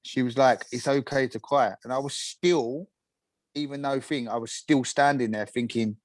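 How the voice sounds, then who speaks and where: Young man, interview guest, candid and halting, middle pitch, dry mic. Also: dry recording, poor audio. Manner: open, halting, repeats himself. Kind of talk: casual interview chat.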